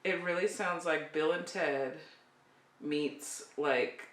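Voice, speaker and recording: A woman in her forties co-hosting a casual podcast chat, animated and often laughing. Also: low-pitched, slow pace, far from the mic. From California. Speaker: podcast co-host, parent. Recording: echoey room, off-mic.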